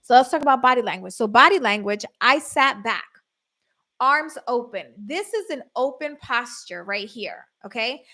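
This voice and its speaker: Middle-aged woman podcast host, lively, acts out every quote. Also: a little high, normal speed. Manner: animated, acts out quotes with voice shifts. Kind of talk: casual storytelling to listeners.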